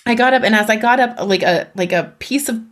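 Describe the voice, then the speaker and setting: Animated woman chatting about self-care. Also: fairly high pitch, a little fast. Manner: animated, acts out her own self-talk, laughs often. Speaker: podcast guest.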